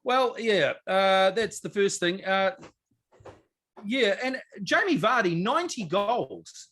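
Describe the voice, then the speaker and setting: A man co-hosting a sports podcast in casual, jokey chat, animated and rambling with fillers. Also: high voice, slow. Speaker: podcast co-host.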